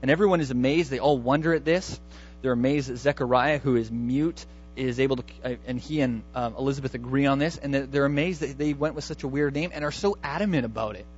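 A man's voice: medium pitch, quick pace, lo-fi sound, faint music behind. Conversational male pastor preaching. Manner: conversational, repeats and restarts words, emphatic. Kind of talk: sermon.

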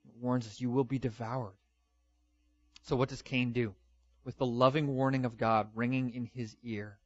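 A man's voice: mid-range voice, dry recording, dull audio. A man preaching a sermon with emphatic delivery, often acting out the lines he quotes. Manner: emphatic, dramatic with acted-out quotes. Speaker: pastor.

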